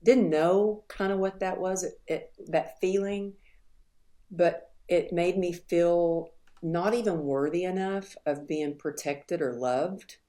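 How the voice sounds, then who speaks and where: Middle-aged woman guest, low register, earnest and reflective, halting now and then. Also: warm tone. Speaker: podcast guest. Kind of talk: candid interview storytelling.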